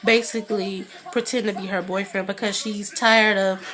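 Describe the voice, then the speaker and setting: A woman's voice: mid-range voice, little pitch movement, moderate pace, a bit bright. A congested woman giving a chatty TV episode review, leaning on "you know" fillers. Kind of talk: casual vlog recap.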